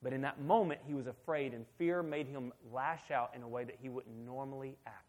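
A man's voice: mid-range voice, brisk. A man in his thirties preaching a conversational sermon, asking his listeners questions along the way. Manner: conversational, animated, asks the audience questions. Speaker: pastor.

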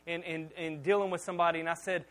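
High-voiced animated male pastor. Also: quick pace, rough recording. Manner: animated storytelling with humor; repeats words when starting sentences. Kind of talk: sermon.

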